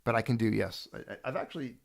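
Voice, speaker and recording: Man, gravelly voice, casual livestream host, rambling chat. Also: medium pitch, racing. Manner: rambling, full of restarts. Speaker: channel host.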